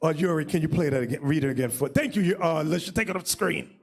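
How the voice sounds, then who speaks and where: A man leading a religious class as bishop, preaching in a loud, mocking, shouting manner. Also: fairly high pitch, fast, creaky, breathy edge. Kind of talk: fiery religious teaching.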